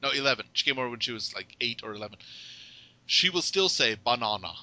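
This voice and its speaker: Male host, General American, very bright tone, playful banter. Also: mid-range voice, animated, rough recording. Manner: chatty, playful, quick to laugh. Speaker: podcast host. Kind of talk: casual interview chat.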